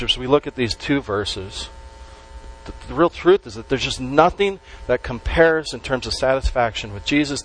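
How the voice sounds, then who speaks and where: A man preaching a sermon to a congregation, stressing key words slowly and letting his voice drop at the ends of phrases. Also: medium pitch, low-quality recording. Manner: emphatic, with slow stressed words and dropped endings. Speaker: pastor.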